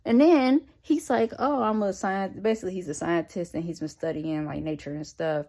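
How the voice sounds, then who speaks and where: A woman's voice: fairly low pitch, a little fast, warm tone. A young woman casually recapping a TV episode, slangy, with sarcastic, incredulous asides. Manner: slangy, conversational.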